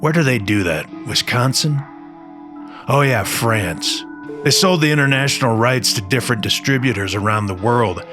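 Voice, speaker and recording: A man hosting a podcast, narrating scripted horror film history with dry, wry asides. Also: mid-range voice. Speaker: podcast host.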